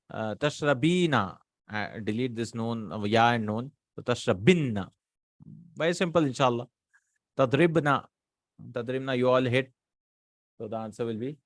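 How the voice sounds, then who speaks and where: A man's voice: medium pitch, a bit bright, dry recording, clean studio sound. Patient male Arabic grammar teacher. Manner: patient, drills words aloud, asks and answers himself. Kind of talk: explaining grammar exercises.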